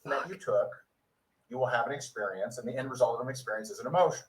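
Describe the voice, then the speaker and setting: A man's voice: medium pitch, fast. A man delivers a motivational training in a preachy coaching manner. His voice sits in a middle range and sounds like it was picked up from somewhere across the room, a bit distant from the mic. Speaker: network marketing coach. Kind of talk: recorded training talk.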